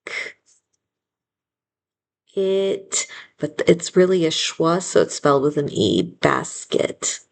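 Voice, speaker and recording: A woman teaching a spelling lesson, sounding out words slowly and patiently one syllable at a time. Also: low voice.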